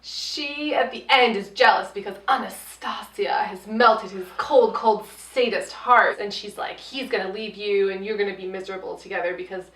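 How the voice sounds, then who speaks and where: A woman co-hosting a casual movie review podcast, animated and swearing freely as she acts out scenes. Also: medium pitch, moderate pace, hardly any pauses. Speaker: podcast co-host. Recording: echoey room, voice a bit far from mic.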